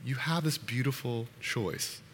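A man voicing Paul, an older child who gently reassures a struggling younger one. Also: medium pitch, measured pace, long reverb tail, a little hiss or hum, lightly acted. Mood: reassuring.

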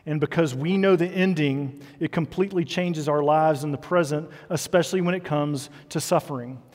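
A man's voice: fairly high pitch, normal speed. Earnest preacher man in reverberant hall. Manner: earnest, drops to soft quiet emphasis. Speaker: pastor. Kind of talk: sermon.

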